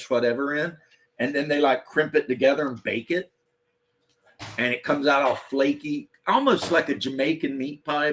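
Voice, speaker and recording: Man, podcast host, rambling, swears freely, husky tone. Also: medium pitch, a bit bright. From Eastern Kentucky, USA. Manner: rambling, profane, blunt. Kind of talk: casual chat.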